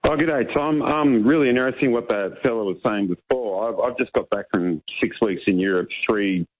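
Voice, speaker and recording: A man's voice: on the low side, normal speed, muffled recording. A man from New Zealand, calling a talkback radio show in a friendly, easygoing way. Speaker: caller.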